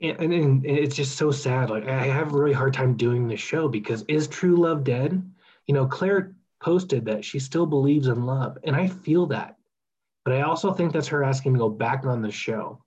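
Husky mock-dramatic man. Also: mid-range voice, normal speed, darkish tone, lo-fi sound. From California. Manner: mock-dramatic, theatrically emotional. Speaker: podcast co-host. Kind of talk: casual podcast chat.

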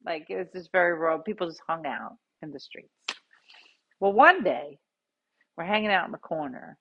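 Lively woman host telling a story, voice swings all over, kinda dull lo-fi sound. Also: on the low side, moderate pace, slight background noise. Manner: animated, jumps into loud quoted voices. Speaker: podcast host. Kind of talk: casual storytelling chat.

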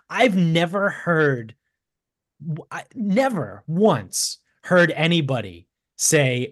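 A man's voice: fairly high pitch, takes it slowly, dry recording. Man, early thirties, Boston accent, casual podcast chat, lots of cursing, dry close mic. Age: 30s. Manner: animated, swearing storyteller. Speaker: podcast co-host.

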